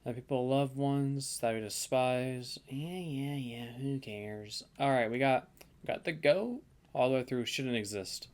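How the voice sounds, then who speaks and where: A man's voice: medium pitch, measured pace, a little mellow. A young man casually ranking the months of the year in a tier list, rambling and thinking aloud with lots of fillers. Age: young adult.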